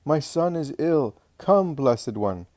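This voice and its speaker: A man's voice: fairly high pitch, expressive, slow, darkish tone, dry recording, clean studio sound, voice pushed up. A man voicing a pleading, tearful widowed mother. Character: grieving widowed mother of a sick child.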